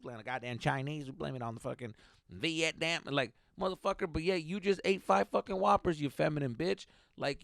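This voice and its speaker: A man hosting a comedy podcast, ranting heatedly with constant swearing, swinging between loud outbursts and mutters. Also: on the high side, gravelly, dry recording, studio quality. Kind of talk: profane comedic rant.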